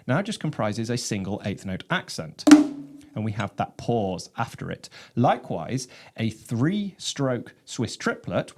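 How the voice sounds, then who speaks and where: A man teaching about his own snare drum composition, explaining rhythms in a measured way and counting them aloud. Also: medium pitch. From England.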